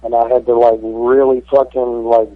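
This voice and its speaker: A brash, swaggering man tells rough stories with steady, flat delivery and plenty of cursing. His voice comes through a thin, tinny phone line with no room sound around it. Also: mid-range voice, moderate pace, no room sound. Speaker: pro wrestler guest. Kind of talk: profane interview storytelling.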